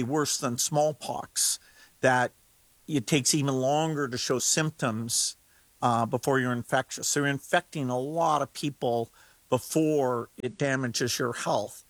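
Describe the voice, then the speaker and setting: A man's voice: medium pitch, fairly even intonation, measured pace, no echo. A man speaking as a guest in an interview, urgent and emphatic, sometimes incredulous. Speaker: guest expert on AI risk. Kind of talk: interview conversation.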